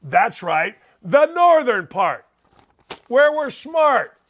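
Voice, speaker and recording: A man with a Northwest Indiana accent gives brash, mocking sports talk commentary in a fairly high voice. He pushes his volume up and slips into shouts, and his tone stays sarcastic and combative. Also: extremely slow. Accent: Northwest Indiana (Gary). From Northwest Indiana, USA. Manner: loud, mocking, lively, swings into shouting. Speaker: sports talk show host.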